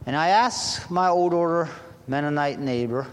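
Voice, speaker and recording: A man preaching a sermon to a congregation, talking slowly and deliberately with halting restarts. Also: fairly high pitch, a little hiss or hum. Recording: long hall reverb.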